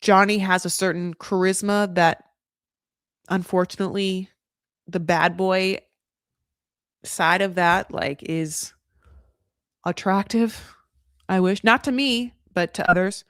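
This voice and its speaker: Woman, recap host: blunt, sweary, rambling commentary, mid-pitched, dry close sound. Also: slow pace, long pauses, a bit bright, clean tone, no room sound. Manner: opinionated and blunt. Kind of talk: casual live recap commentary.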